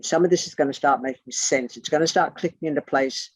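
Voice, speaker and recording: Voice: mid-range voice, fairly quick, husky, no room sound. A teacher leading an online class over a video call, bluntly spelling out terms letter by letter, with the odd swear word.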